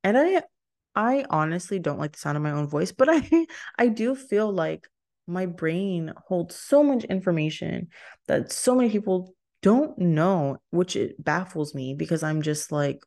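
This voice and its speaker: A woman's voice: lowish voice, animated, measured pace, gravelly, mellow. A young woman from Texas, hosting her solo podcast in a rambling, chatty way, often laughing and breaking off mid-sentence. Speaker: podcast host. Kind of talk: casual solo podcast chat.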